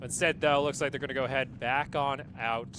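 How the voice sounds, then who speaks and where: A man's voice: medium pitch, fairly even intonation, brisk, heavy background noise. A man giving chatty esports color commentary, sometimes acting out what the players might be saying.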